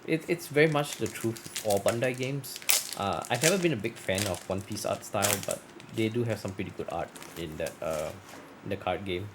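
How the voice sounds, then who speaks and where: A man's voice: lowish voice, moderate pace. A man chatting casually while opening card packs, rambling and correcting himself, his voice turning scratchy from long talking. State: voice getting scratchy. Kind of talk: casual unboxing chat.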